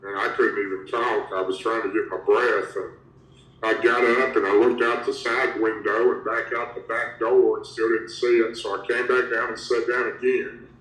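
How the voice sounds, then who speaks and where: Low-voiced man telling a story. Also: level tone, normal speed, a bit bright. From Tennessee, USA. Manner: rambling, strings events together with "and". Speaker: guest recounting a creature encounter. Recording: roomy, distant from the mic.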